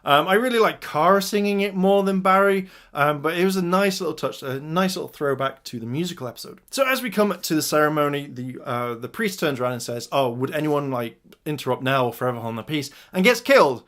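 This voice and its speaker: A man's voice: high voice, animated, fairly quick, few pauses, a bit bright. A man giving an enthusiastic casual review of TV episodes, retelling scenes and addressing his viewers. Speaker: video reviewer.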